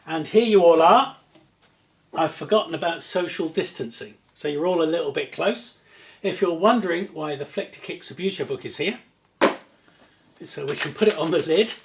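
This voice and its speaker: A man's voice: a little high, moderate pace, reverberant, a little hiss or hum. A man hosting a table football show from home, chatty, enthusiastic and self-deprecating as he talks to the camera. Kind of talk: casual presenting to camera. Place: room at home. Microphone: camera on a tripod.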